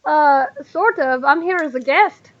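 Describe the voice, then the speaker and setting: A woman's voice: high-pitched, measured pace, slight background noise. A woman with a cold voicing a cheerful young female inventor with a slight put-on accent. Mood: breezy. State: congested from a cold. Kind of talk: in-character tabletop role-play. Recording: dull lo-fi audio.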